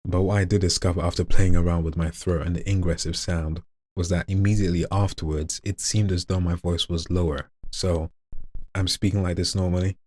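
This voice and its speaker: A man's voice: sits low, little pitch movement, a little fast, a little mellow. A young man, a voice actor, casually explaining and demonstrating vocal techniques in a playful way. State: throat strained. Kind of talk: casual voice-acting demo vlog.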